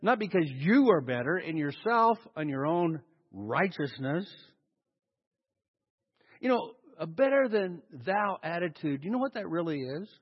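A man preaching a sermon as pastor, animated and sarcastic, with mocking asides to the congregation. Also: high-pitched, slightly rough, big-room sound, muffled recording.

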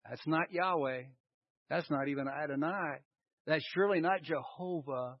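A man's voice: fairly high pitch, moderate pace, no room sound. A man preaching a sermon, quizzing his listeners with questions and answering them himself. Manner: animated, asks the congregation questions and answers them. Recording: dull lo-fi recording.

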